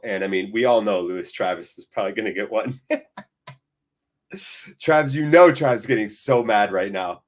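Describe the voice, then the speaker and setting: A man with a fairly low voice hosts a live football watchalong, excitedly alternating between casual match commentary and rambling digressions.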